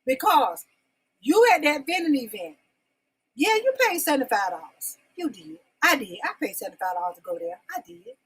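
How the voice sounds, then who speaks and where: High-voiced woman hosting a live stream. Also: sing-song, moderate pace, a bit bright, poor audio. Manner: coaxing, repeats questions to the live chat; folksy, addresses viewers as y'all and babies. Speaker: talk show host. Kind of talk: live-stream casual talk to viewers.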